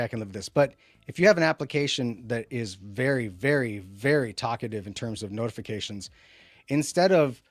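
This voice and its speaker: A man co-hosting a tech podcast, talking in a casual, rambling way with animated sarcastic asides. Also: mid-range voice, no room sound. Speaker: podcast co-host.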